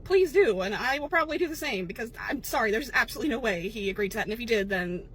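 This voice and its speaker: A woman's voice: a little high, a bit bright, a little hiss or hum, lightly acted. A woman playing a frazzled young sandwich shop worker in a comedy skit, exasperated and incredulous. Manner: exasperated, incredulous, talks fast when upset.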